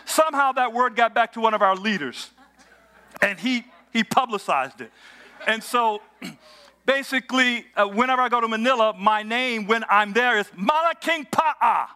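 A male pastor with a high, brightly ringing voice preaches a sermon in a church. He spins stories, calls out questions to the congregation and lifts into energetic praise. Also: normal speed, clear, resonant tone. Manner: storytelling with audience call-and-response, rising to shouts of praise.

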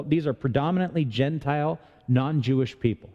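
A man's voice: medium pitch, expressive, moderate pace, highs cut off. A man preaching a sermon as pastor, talking in a conversational way with rhetorical questions and touches of humor. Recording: long reverb of a large hall.

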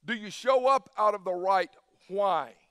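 High-voiced man preaching. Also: a little slow, a bit bright, smooth, dry recording, studio quality. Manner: emphatic preaching, acting out Jesus's words with casual slang. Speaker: pastor. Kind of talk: sermon.

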